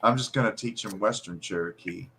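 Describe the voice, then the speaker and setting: A man in casual conversation, rambling and animated, who slips into playful regional accents. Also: fairly low pitch, brisk, breathy edge, rough recording.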